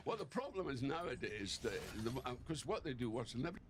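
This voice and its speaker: A man's voice: medium pitch, sing-song, fast. A man from Dundee with a Scottish accent, chatting and telling amused stories. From Dundee, Scotland. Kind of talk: casual chat. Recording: loud background noise.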